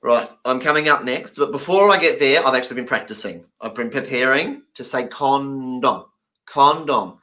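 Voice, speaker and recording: Male, stand-up storytelling, playful and emphatic, bright edge, mid pitch. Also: moderate pace, few pauses.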